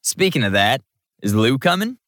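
A man's voice: medium pitch, normal speed, no room sound, clean studio sound, pitched above the performer's own voice. A man reading an audiobook, voicing a teasing, affectionate young man who jokes easily. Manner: joking, relaxed.

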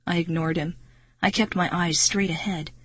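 A woman's voice: on the low side, fairly even intonation, normal speed, slightly rough, dry recording. A woman narrating a first-person children's adventure story in a suspenseful, dramatic reading voice. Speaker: audiobook narrator.

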